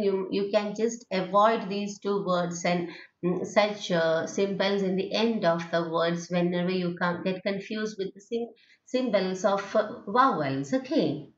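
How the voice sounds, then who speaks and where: A woman's voice: medium pitch, reverberant, muffled recording. A woman with an Indian English accent giving a phonetics lecture, stretching out vowel sounds and checking in with "okay?" as she goes. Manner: slow, drawn-out modelling of vowel sounds with frequent "okay?". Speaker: teacher.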